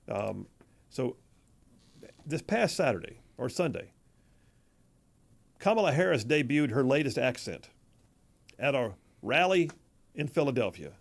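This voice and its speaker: A man hosting a conservative talk radio show in a studio, mocking and animated, stretching words for emphasis. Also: medium pitch, gravelly. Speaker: radio host. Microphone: studio mic.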